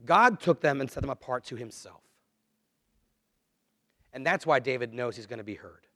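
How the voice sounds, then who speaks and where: A man preaching a sermon, earnest and conversational, swinging between quiet, low asides and louder, emphatic lines. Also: expressive, normal speed, no echo, clean studio sound. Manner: earnest, conversational preaching with dramatic dips and swells. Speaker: pastor.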